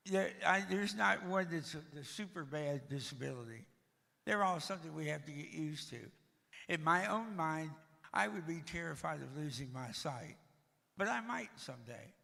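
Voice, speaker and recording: A man's voice: fairly high pitch, animated, normal speed, gravelly, pushed and bright, big-room sound. An older man giving a storytelling talk at a church, with a dry, joking manner. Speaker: guest speaker.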